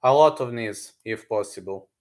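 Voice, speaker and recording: A man's voice: fairly low pitch, moderate pace, darkish tone. A man streaming live, chatting casually with viewers and repeating blunt fight advice. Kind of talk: casual livestream chat.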